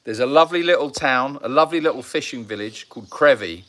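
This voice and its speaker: A man's voice: mid-range voice, animated, quick pace, fairly bright tone. A man hosting a live Q&A stream, chatty and joking, laughing often. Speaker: animal sanctuary host.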